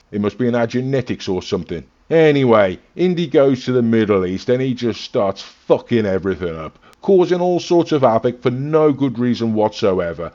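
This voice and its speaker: A low-voiced British man rambles through a crude, sarcastic comedy monologue, swearing freely. His pitch rises and falls in a lively way. The recording sounds dull and lo-fi. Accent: British English. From Britain. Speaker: comedy reviewer.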